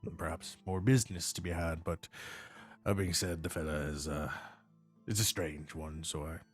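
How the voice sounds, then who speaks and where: A low-pitched man narrates a tabletop game as its game master. He rambles, filling pauses with frequent uhs and ums. Soft music plays faintly underneath. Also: steady tone. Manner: rambling, many fillers like uh and um.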